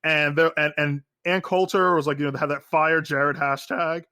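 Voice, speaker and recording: Male podcast co-host, slightly high voice, dead-dry studio sound, casual profane ramble. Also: fairly even intonation, normal speed, sharp tone, no echo. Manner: rambling, profane, lots of fillers. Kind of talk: casual political chat.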